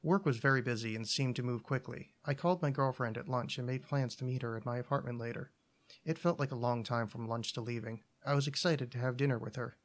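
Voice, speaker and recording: A podcast host reads a short story aloud. He narrates in an even, deadpan manner at an ordinary middle pitch for a man. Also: a little fast. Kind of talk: story reading.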